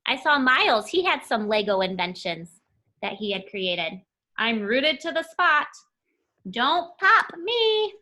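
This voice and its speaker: A young woman teacher reads a picture book to her class in a bright, clear voice. Her pitch leaps and dips a lot, but she keeps an unhurried pace. She drops playful, chatty asides to the children between the pages. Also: big pitch swings. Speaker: elementary school teacher.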